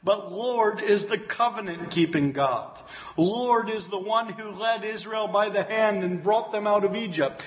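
Brief: earnest male preacher, fairly high voice, teaching Scripture with emphasis; lo-fi, muffled tape. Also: unhurried. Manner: earnest and emphatic, with exclamations of praise. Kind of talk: expository Bible teaching. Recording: dull lo-fi recording.

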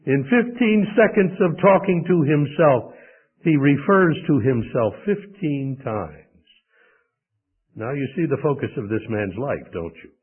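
A man's voice: mid-range voice, expressive, a little slow, slightly rough. A male preacher from the United States delivering an emphatic sermon with rhetorical questions. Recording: tinny phone-like sound.

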